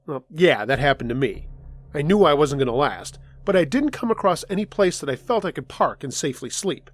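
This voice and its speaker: Lively male horror story narrator. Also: fairly quick. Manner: lively first-person storytelling, dropping low for tense moments. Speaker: storyteller reading listener stories. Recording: faint music underneath.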